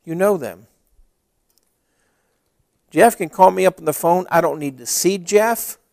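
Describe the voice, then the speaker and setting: Male pastor, high voice with a lot of lift, dry close sound; storytelling sermon that builds to emphatic preaching. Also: unhurried, vocal fry, darkish tone, no room sound.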